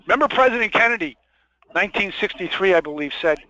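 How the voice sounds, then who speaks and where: A man's voice: high voice, lively intonation, quick pace, sharp tone. A man presenting a sales training webinar, stressing and repeating his key points and asking the audience rhetorical questions. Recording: dull lo-fi dry webinar audio.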